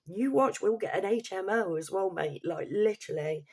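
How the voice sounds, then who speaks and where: Gravelly, husky Leicester woman ranting. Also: mid-range voice, moderate pace, darkish tone. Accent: Leicester English. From Leicester, England. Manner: reads prepared points, then breaks into heated, swearing asides. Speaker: vlogger. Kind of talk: political opinion rant.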